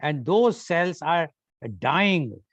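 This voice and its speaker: A man's voice: on the high side, lively intonation, very slow, a bit bright, no echo. A man with an Indian English accent, moderating a media conference and summarizing hesitantly. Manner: hesitant, many "uh" fillers. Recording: dull, muffled sound.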